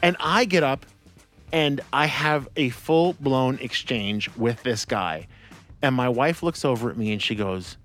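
A man's voice: mid-range voice, measured pace, fairly bright tone, faint music behind. An American man hosting a radio show in a studio, talking casually and animatedly with lots of laughs and restarts. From United States. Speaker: radio host. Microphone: studio microphone.

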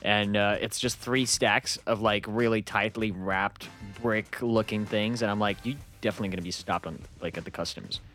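A man's voice: fairly low pitch, steady tone, normal speed, few pauses, fairly bright tone, soft background music. A man co-hosting a radio comedy show, teasing his partner and laughing often. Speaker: radio co-host. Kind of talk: casual studio banter.

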